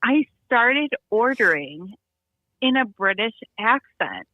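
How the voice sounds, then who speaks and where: A woman's voice: fairly high pitch, very animated, slow, no room sound, narrow, tinny audio. A young woman chatting casually, telling a story in a rambling way and laughing often. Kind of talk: casual chat.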